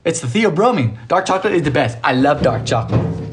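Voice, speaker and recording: A man's voice: big pitch swings, fairly quick, over music. A man from Britain hosting a baking livestream in his kitchen, chatting playfully while reading viewer comments. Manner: playful, theatrical, jumps between high and low voices. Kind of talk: casual live-stream chat reading comments. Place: home kitchen.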